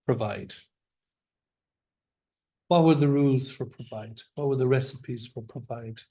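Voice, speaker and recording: A man's voice: mid-range voice, steady tone, measured pace, warm tone. A man teaching a classroom vocabulary lesson, encouraging his students and drilling the words aloud with them. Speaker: English teacher.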